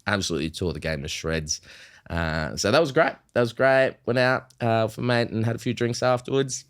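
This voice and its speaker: A man with an Australian accent and a slightly low-pitched voice, co-hosting a laid-back chat. He tells long, meandering stories full of uhs and ums. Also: fairly quick. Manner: rambling storytelling with fillers. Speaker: podcast co-host. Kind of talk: casual sports chat.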